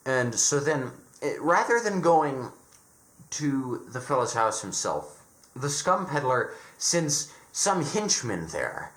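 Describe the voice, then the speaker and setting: A man's voice: mid-range voice, sing-song, slow pace, fairly bright tone, reverberant. A man giving an opinionated casual review, sarcastic and dismissive, often stumbling and restarting his words. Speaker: horror reviewer.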